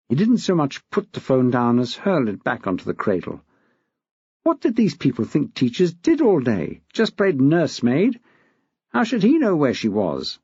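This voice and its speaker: Gravelly male audiobook narrator. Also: medium pitch, huge pitch swings, moderate pace, a little mellow, dry recording. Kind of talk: scripted narration. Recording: dull dry lo-fi recording.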